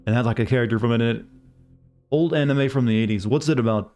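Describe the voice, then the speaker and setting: A man's voice: medium pitch, fast, mellow. A man streaming a game, chatting casually and ramblingly with his live viewers and greeting them by name.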